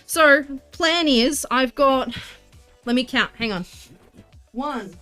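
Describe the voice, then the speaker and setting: A woman livestreaming as she crafts, chatting casually and greeting viewers with excitement. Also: high voice, slow, soft background music. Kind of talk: casual live-stream chat while crafting.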